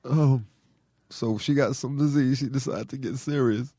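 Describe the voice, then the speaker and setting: A man's voice: medium pitch, moderate pace, dark tone, slightly rough, no echo, clean studio sound. A man co-hosting a comedy podcast in a laid-back, joking way. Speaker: podcast co-host. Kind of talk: casual comedic chat. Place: podcast studio.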